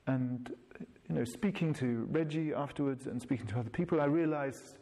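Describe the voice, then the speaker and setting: A man's voice: mid-range voice, normal speed, mellow. A man telling a reflective personal story in a wry, self-deprecating way, laughing at himself.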